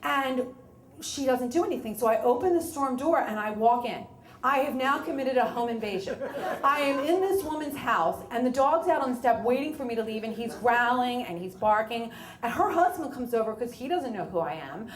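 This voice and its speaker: A woman's voice: fairly high pitch, animated, normal speed, echoey room. A woman, telling a true story on stage in a chatty, wry way and quoting herself often. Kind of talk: live storytelling. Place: bar or small venue at a live event.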